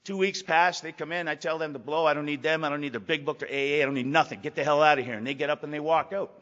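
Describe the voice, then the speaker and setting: An older man giving a blunt, emphatic personal testimony to a recovery meeting, gruff and profane, repeating phrases for weight. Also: a little high, fairly even intonation, fast talker, a bit bright. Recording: echoey hall, dull lo-fi sound.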